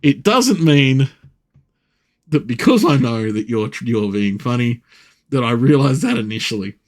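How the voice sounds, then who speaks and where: A man's voice: mid-range voice, lively intonation, measured pace. A man streaming live, ranting and swearing with frequent laughter as he comments. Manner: profane, ranting, laughing often.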